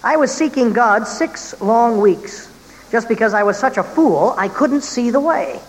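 An expressive voice gives a dramatic reading of an old sermon, drawing out its key phrases. The sound carries a long reverb, with a faint hiss underneath. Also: medium pitch. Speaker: reader.

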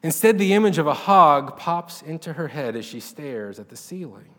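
A man narrates a short story with an animated, dramatic delivery, his voice fairly high and rising and falling widely. A long reverb trails after his words. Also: moderate pace. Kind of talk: expressive story reading.

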